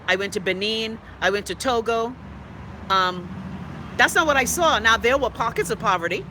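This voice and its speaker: A woman's voice: a little high, pushed and bright, slight background noise. A middle-aged woman with a Bahamian accent hosting a live stream, reading viewer comments and giving her blunt, profane opinions. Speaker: host.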